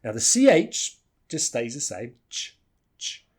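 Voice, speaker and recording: A British man with a slightly husky voice leads a pronunciation lesson, his pitch rising and falling in lively waves. He slows down to model each sound, saying weak and strong forms over and over. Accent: non-rhotic British English. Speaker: English teacher.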